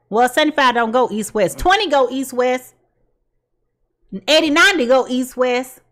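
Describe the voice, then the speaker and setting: A woman's voice: sits high, moderate pace, fairly bright tone. A woman giving a casual tarot reading in a blunt, sassy way and laughing at her own jokes. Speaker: tarot reader.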